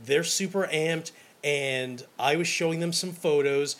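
A man's voice: a little high, unhurried. A young man, a wedding photographer, talking casually and enthusiastically about his work, with frequent restarts. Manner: energetic and enthusiastic, many restarts. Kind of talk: casual monologue to camera.

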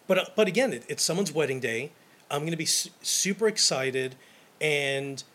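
A young man, a wedding photographer, talking casually and enthusiastically about his work, with frequent restarts. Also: a little high. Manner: energetic and enthusiastic, many restarts. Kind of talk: casual monologue to camera.

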